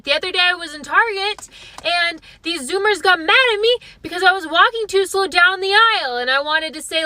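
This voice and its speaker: A woman's voice: very high voice, a little fast, pushed and bright, dry recording. A young adult woman telling a comedic story in a wry, self-deprecating way. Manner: wry, self-deprecating, slips into mocking voices.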